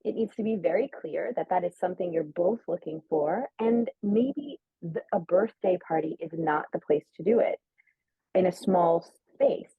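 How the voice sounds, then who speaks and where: A woman's voice: lowish voice, lively intonation, moderate pace, slightly rough, no room sound. A woman telling a personal story in casual chat, full of "like" and acting out quoted lines. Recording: narrow phone-like sound, dry.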